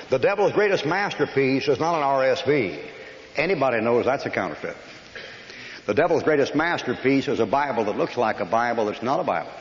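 Folksy preacher in an echoey hall. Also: male voice, medium pitch. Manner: folksy, joking, rapid listing. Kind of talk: folksy sermon. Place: church hall. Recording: echoey lo-fi old hall recording.

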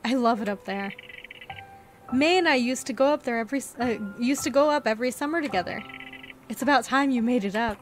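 A woman reading aloud the lines of a caring mother in a game, in a soft, affectionate way. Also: on the high side, brisk, faint music behind, lightly acted. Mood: tender. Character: gentle caring mother on the phone.

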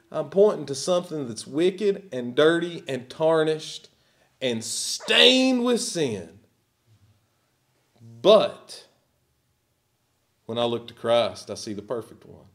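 A man's voice: on the high side, big pitch swings, takes it slowly, long pauses, a bit bright. A man preaching a sermon as pastor, emphatic and at times sarcastic.

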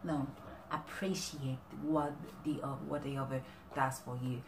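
A woman talking casually to camera with relationship advice, animated and halting, often restarting her sentences. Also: extremely low pitch, echoey room, noisy background. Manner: animated, often acting out quoted exchanges. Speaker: vlogger giving relationship advice.

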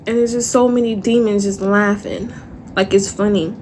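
A woman livestreaming an emotional monologue, upset and distressed, speaking haltingly, repeating phrases and trailing off into sighs. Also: medium pitch, steady tone, darkish tone, a little hiss or hum.

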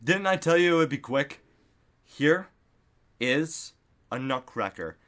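A man's voice: on the high side, expressive, slow pace, fairly bright tone. A man vlogging into a desktop microphone at home, rambling goofily with lots of fillers and sudden silly outbursts. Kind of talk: casual rambling monologue. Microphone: desktop studio microphone.

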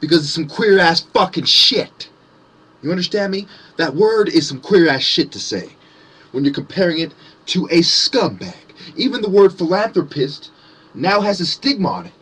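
Husky man in a profane sarcastic rant. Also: sits high, animated, normal speed, a bit bright. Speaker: conspiracy commentator. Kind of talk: angry ranting monologue.

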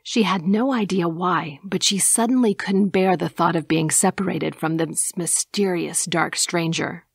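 Gravelly low-voiced woman narrator. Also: dry recording, studio quality. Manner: slow, measured reading. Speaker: audiobook narrator. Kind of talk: scripted narration.

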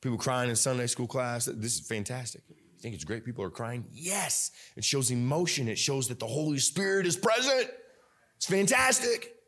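A man preaching a sermon as pastor. He talks in a conversational, animated way, with many fillers and restarts. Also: medium pitch, normal speed.

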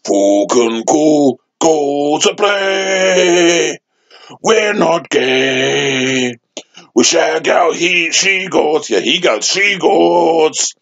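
A cheeky male goat puppet, put on by a man, cursing freely and bragging in a sing-song way. He chants his lines and mocks the puppeteer, all in a mid-pitched voice for a man. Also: lightly acted. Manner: crude, swearing, boastful and sing-song. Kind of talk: puppet comedy skit.

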